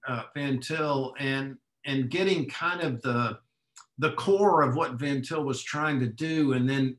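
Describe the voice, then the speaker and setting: A man's voice: medium pitch, fairly bright tone. A man with a Texas accent, speaking as a guest professor in a conversational interview. He reasons aloud thoughtfully and often restarts his phrases. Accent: Texan. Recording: echoey room.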